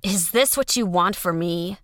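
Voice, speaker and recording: A woman's voice: on the low side, measured pace, dry recording, clean studio sound. A woman voicing a barking alien larva scientist. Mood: curt. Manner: barking, curt and loud. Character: irritable male giant larva scientist.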